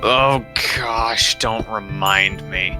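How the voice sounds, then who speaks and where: A man's voice: fairly low pitch, drawn-out words, low-quality recording. A young man co-hosting a casual gaming podcast with wry, mock-formal quips. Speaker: podcast co-host. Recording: music playing underneath.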